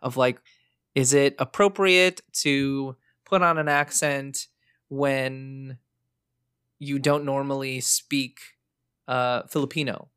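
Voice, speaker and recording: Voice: mid-range voice, steady tone, takes it slowly, fairly bright tone, clear, resonant tone, no room sound, clean studio sound. A podcast host chatting casually and earnestly, rambling with frequent fillers.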